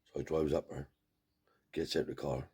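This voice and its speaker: Very deep husky man. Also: little pitch movement, normal speed, mellow. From Cornwall. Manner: rambling yarn with dialect grammar. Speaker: travelling scrap dealer. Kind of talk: casual storytelling.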